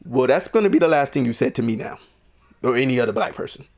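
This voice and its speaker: A man's voice: medium pitch, lively intonation, fast, a little mellow. A man giving heated, indignant commentary in a vlog, acting out other people's lines in mock voices. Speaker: vlogger. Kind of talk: ranting commentary.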